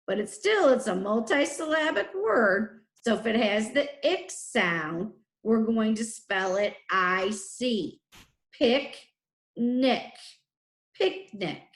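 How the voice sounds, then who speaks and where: A woman teaching phonics to first graders, speaking very slowly and spelling out each sound with care. Her voice sits a little high. The recording has an echoey room sound. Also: expressive. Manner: slow, clearly drawn-out letter sounds.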